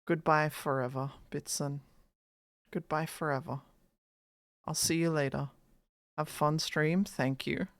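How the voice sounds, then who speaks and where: Low, gravelly woman streamer. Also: fairly even intonation, unhurried, pauses often, no room sound, studio quality. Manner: playful, teasing, goofy. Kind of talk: casual live-stream chat.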